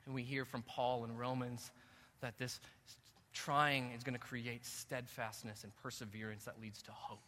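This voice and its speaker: A male pastor preaching a sermon in a church, moving between calm teaching and loud, emphatic passages. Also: mid-range voice, normal speed. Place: church sanctuary. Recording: echoey hall reverb.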